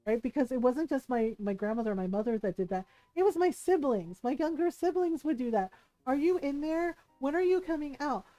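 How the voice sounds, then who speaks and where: A woman from the Philippines telling personal stories on a live stream, animated, laughing often and acting out what others said. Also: high voice, no echo, low-quality recording. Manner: animated, laughs often, acts out quoted voices. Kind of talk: casual storytelling to a live stream.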